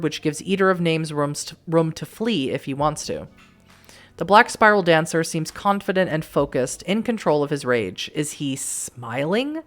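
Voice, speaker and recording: A woman streaming a story game, reading its narration aloud and reacting with casual, wry asides. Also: deep voice. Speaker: let's play streamer.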